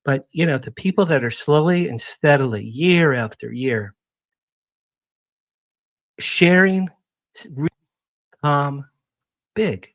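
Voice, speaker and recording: A man's voice: a little high, expressive, takes it slowly, pauses often, no room sound. A man talking as a guest on a radio interview show, rambling and jumping between topics in casual chat. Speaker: guest publicist.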